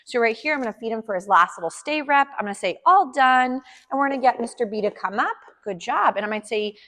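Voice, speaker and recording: A woman's voice: fairly high pitch, animated, fast talker, fairly bright tone, big-room sound. A woman dog trainer explaining a session to her clients, upbeat, chatty and encouraging.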